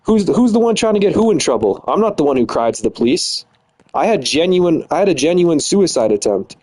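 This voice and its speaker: A man's voice: fairly high pitch, sing-song, brisk, darkish tone, low-quality recording. A man in his twenties delivers a heated, profane rant. His talk is bitter and loose, full of insults and repetition. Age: 20s. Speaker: streamer. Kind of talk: angry casual rant.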